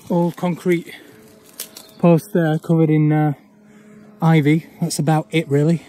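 Man, fairly high voice, casual walk-and-talk, outdoor vlog. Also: a little mellow. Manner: chatty, with frequent "uh" pauses. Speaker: urban exploring vlogger. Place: outdoors on an overgrown old railway path.

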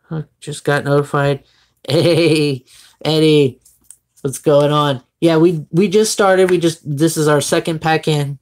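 A man's voice: on the high side, steady tone, a little slow. Chatty young man with a Floridian drawl. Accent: Floridian Southern US. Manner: chatty, rambling, greets and thanks viewers by name. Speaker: streamer opening trading card packs. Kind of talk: casual live-stream chat.

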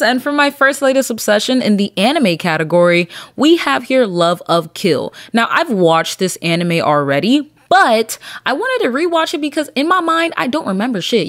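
A woman's voice: a little high, big pitch swings, normal speed, few pauses, dry recording. Solo podcast host, young adult woman, brash and profane, dead-dry booth sound. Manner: blunt, profane, rambling. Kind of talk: casual solo podcast chat.

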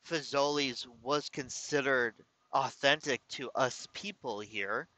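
A man from California telling a personal story in a slow, reflective, casual way, pausing and restarting as he goes. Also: medium pitch, sharp tone, no echo, rough recording. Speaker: vlogger.

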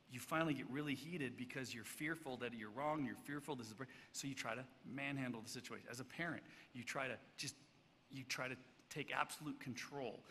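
A man's voice: mid-range voice, sharp tone, a little hiss or hum. A man preaching a sermon in a conversational way, with rhetorical questions and restarts. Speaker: pastor. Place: church. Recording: long church hall reverb.

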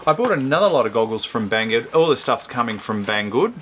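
A man's voice: mid-range voice, sing-song, brisk, fairly bright tone, a little hiss or hum. Chatty man reviewing a toy car. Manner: chatty, rambling, self-correcting. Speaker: host. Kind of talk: casual product review.

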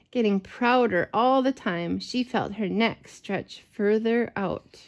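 A woman reading a picture book aloud to a child, gentle and expressive, with chatty asides. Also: mid-range voice, slow, hardly any pauses, highs cut off. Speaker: storyteller for children. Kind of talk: read-aloud storytelling to a child.

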